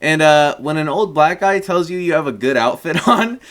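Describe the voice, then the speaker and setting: A man's voice: fairly high pitch, expressive, normal speed, a bit bright. A young man telling a rambling, profane story in a casual rant, chuckling as he goes. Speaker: streamer.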